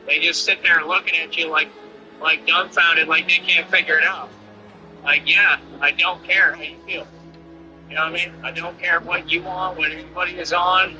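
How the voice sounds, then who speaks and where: High bright-voiced man ranting defiantly. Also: little pitch movement, moderate pace, faint music behind, rough recording. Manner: defiant, confrontational, boastful. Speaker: streamer. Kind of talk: livestream rant over gameplay.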